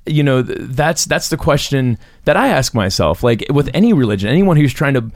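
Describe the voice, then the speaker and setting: A man's voice: medium pitch, animated, fairly quick, no echo, clean studio sound. A man co-hosting a podcast in casual chat, often stopping and repeating words as he thinks. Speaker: podcast co-host.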